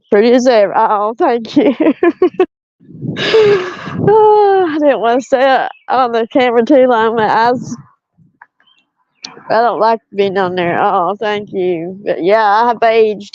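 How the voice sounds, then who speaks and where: A woman's voice: a little high, a little mellow, dry recording, dull audio. A woman chatting casually on a live stream from her parked car, self-deprecating and laughing often as she answers viewer comments.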